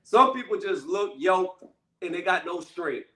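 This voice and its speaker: High, bright-voiced man ranting casually. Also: expressive, unhurried. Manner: blunt, emphatic, repeats "okay" and "right". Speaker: channel host. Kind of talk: casual commentary rant. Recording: echoey room, mic at a distance.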